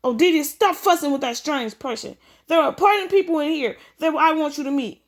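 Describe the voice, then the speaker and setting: A woman voicing a bossy, scolding stepmother from a comic, with a loud, high, drawn-out delivery. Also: lightly acted.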